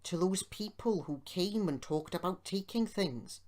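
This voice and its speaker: Brief: small anxious engine, mournful, a bit higher as played by a man. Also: a little slow, darkish tone. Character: gentle, anxious little male steam engine.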